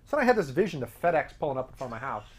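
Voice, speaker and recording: A man hosting his own show, telling a casual anecdote in an animated, self-amused way and acting out the back-and-forth of a conversation. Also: mid-range voice, rapid-fire, a crowd in the background. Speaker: podcast host.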